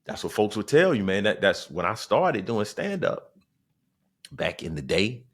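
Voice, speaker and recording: Southern comic dude in his 40s, low voice, slangy and animated, just riffing on his podcast. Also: a little slow, husky. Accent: South Carolina, Southern US. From South Carolina, US. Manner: animated, slangy, repeats phrases. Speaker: podcast host, stand-up comedian. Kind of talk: casual podcast monologue.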